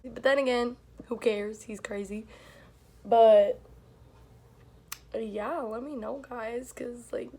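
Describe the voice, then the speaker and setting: A woman's voice: a little high, fairly even intonation, slow pace, long pauses, mellow. A young woman telling a story in a casual vlog, chatty and full of "like", swearing now and then. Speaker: vlogger.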